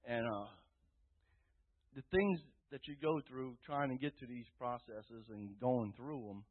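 A man giving an earnest, rambling personal testimony to a church group, rising loud when he quotes himself, with a tinny phone-like sound. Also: medium pitch, measured pace. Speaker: testimony speaker.

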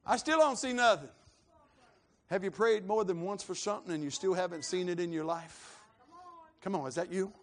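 A man's voice: high voice, a little fast. A man preaching a live sermon, calling for responses from the congregation, with a scratchy throat. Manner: builds to fervent shouting, calls for responses.

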